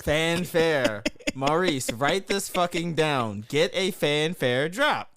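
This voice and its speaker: A man's voice: on the high side, expressive, slow pace, a bit bright, dry recording. A man co-hosting a podcast in casual chat, joking and playful, with some swearing. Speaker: podcast co-host.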